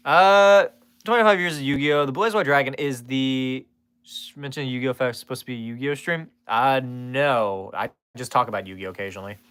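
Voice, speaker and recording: A man's voice: mid-range voice, fairly bright tone. A man chatting casually on a live stream, reading and answering chat with rambling, jokey, swearing asides.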